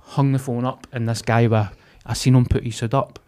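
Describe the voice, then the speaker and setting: A man's voice: mid-range voice, little pitch movement, normal speed, a little mellow. A man, co-hosting a podcast and telling a vivid, sweary story in casual chat. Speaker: podcast co-host.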